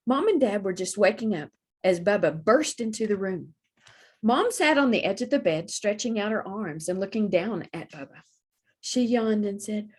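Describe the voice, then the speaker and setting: A woman librarian reading a children's picture book aloud for storytime, slow and expressive. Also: mid-range voice, breathy edge.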